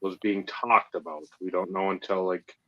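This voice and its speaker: A man's voice: low voice, fairly even intonation, moderate pace, sharp tone. Dry-joking man, slightly dull lo-fi sound. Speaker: podcast co-host. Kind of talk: casual chat.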